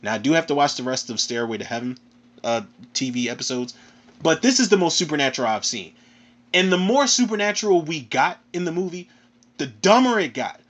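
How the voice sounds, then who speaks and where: A man with a Philadelphia accent ranting casually through a film review, animated and profane, ending his phrases with "man". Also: fairly high pitch, brisk. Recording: dull lo-fi recording.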